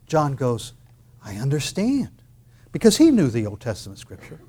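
A man preaching an expository sermon, reading and explaining scripture with rhetorical questions, moving between loud proclamation and quiet intensity. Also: mid-range voice, huge pitch swings, normal speed, slightly rough.

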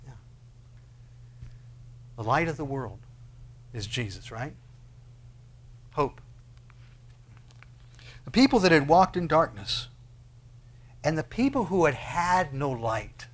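A pastor preaching a sermon, asking his listeners question after question and swinging between hushed, slow passages and loud, rising ones. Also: a little high.

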